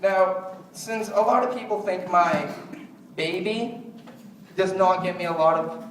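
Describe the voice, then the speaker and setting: A man's voice: high voice, measured pace, fairly bright tone, distant mic, slight background noise. A man doing a stand-up comedy routine, rambling and jokey, often slipping into mock quotes of other people. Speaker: stand-up comic. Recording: echoey room, voice from afar.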